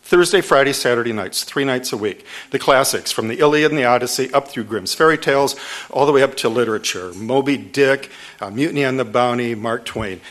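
A man in his sixties from Detroit, an author telling a story at a public book talk, lively, laughing often, restarting his phrases. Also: mid-range voice. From Detroit, USA.

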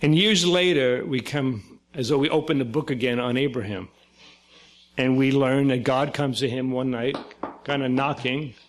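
A man's voice: medium pitch, steady tone, moderate pace. Older brooklyn guy lecturing, chatty, does little voices for the people in his story. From Brooklyn, New York. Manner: conversational, acts out quoted voices. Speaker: psychoanalyst lecturer.

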